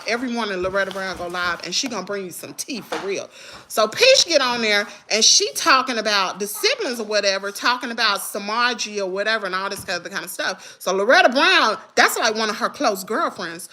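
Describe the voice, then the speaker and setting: A woman's voice: mid-range voice, a little hiss or hum. A woman hosting a casual gossip livestream, talking sassily and directly to her viewers. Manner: sassy, animated, talks straight to viewers. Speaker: livestream host.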